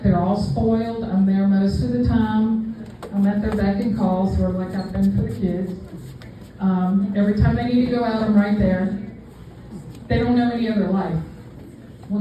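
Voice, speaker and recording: A woman's voice: medium pitch, dull audio, noisy background. A middle-aged woman doing a stand-up comedy set in a bar, talking in a rambling, conversational way with fillers. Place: bar or brewery room. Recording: echoey bar room from far.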